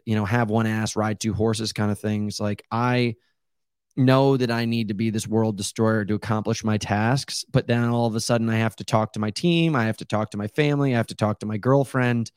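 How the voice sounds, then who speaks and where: A man's voice: on the low side, fairly even intonation, moderate pace, clean tone, no room sound, studio quality. A man hosting a podcast, talking candidly and searching for words in a casual interview. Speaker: podcast host.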